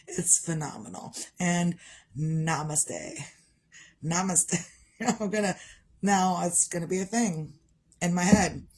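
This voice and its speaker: A woman's voice: fairly low pitch, moderate pace, a little mellow, breathy edge. A middle-aged woman talking casually in a daily vlog, chatty and rambling, laughing at her own jokes. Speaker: vlogger.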